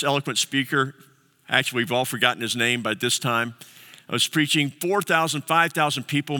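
A male pastor preaching a sermon in a conversational, halting way, with many fillers and restarts. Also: on the high side, pushed and bright. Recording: long hall reverb.

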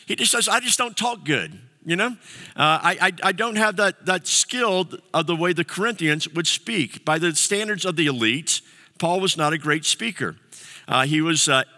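Man, pastor, sermon, bright forceful voice, slightly high, long hall echo. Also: normal speed. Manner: conversational, many fillers and restarts.

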